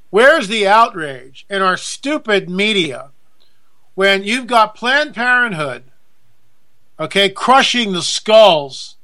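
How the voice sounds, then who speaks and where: A man's voice: high-pitched, bright, forceful tone. A man hosting a talk radio show, delivering an indignant monologue and repeating his points for emphasis. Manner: indignant and repetitive, hammers points home.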